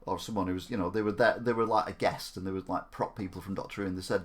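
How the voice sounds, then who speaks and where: A man's voice: low voice, fairly even intonation, very fast, few pauses. A man chatting casually on a gaming live stream. He jokes around, mocks himself and rambles. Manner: jokey, self-mocking, rambling.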